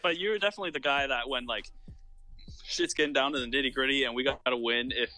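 A man co-hosts a podcast in casual chat, teasing his partner, laughing easily and swearing offhandedly. His mid-range voice is fast, pushed and bright.

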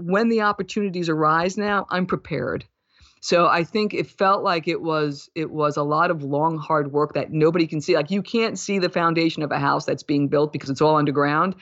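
A woman in her fifties talks thoughtfully about her path as a wellness coach, with now and then a light laugh at herself. The sound is lo-fi and muffled. There is no room echo at all. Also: deep voice. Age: 50s. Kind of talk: reflective interview storytelling. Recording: dull, lo-fi, dry sound.

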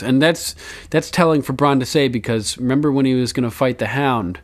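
A man's voice: medium pitch, fairly quick. Chatty man recapping with laughs. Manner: loose and chatty, swears, laughs often, quotes lines in passing. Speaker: podcast host recapping a TV episode. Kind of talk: casual chat.

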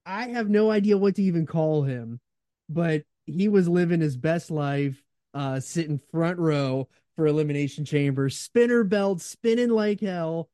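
A man's voice: a little high, unhurried, warm tone, no room sound, studio quality. A man co-hosting a wrestling podcast, telling stories with lots of laughter and enthusiasm. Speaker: podcast co-host. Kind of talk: casual chat.

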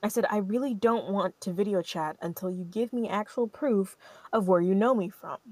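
Young woman podcast host rambling through a story, lots of likes, dry close sound, middle pitch. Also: normal speed, dry recording. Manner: animated, rambling, lots of "like" fillers. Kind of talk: casual storytelling chat.

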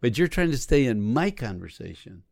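A man with a gravelly, creaky voice teaches how to connect through emotions. He talks earnestly, explaining step by step and acting out sample lines. The sound is dry and close. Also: medium pitch, big pitch swings, normal speed, darkish tone, no echo. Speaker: relationship coach. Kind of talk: teaching conversation.

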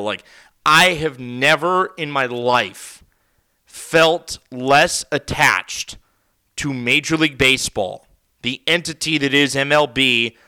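High, lively ranting male podcaster. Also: clear, resonant tone. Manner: heated, ranting, sarcastic. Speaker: podcast host. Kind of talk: solo sports rant podcast. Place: recording studio.

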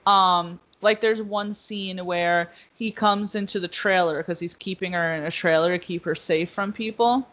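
A woman's voice: lowish voice, steady tone, moderate pace, hardly any pauses, fairly bright tone. A young woman in casual chat, rambling with lots of fillers and acting out quotes. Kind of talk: casual podcast discussion.

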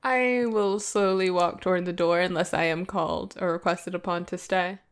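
A woman's voice: lowish voice, steady tone, normal speed, clean tone. A woman playing a tabletop role-playing game, speaking for her character with playful, formal courtesy. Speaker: player.

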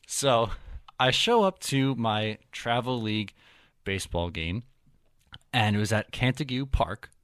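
Low-voiced young podcast host. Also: male voice, fairly bright tone, no echo. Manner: laid-back, joking storyteller. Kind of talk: casual hockey podcast chat.

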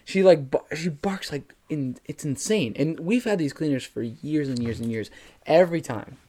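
A young man chatting casually as a podcast co-host, an animated storyteller who fills his talk with slang and "like". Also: on the high side, moderate pace. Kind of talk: casual chat.

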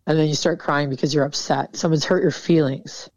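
A woman's voice: low voice, steady tone, fast talker, few pauses, darkish tone, no room sound. A woman military veteran talking candidly in an interview, casual and frank, swearing freely. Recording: dull, dry sound.

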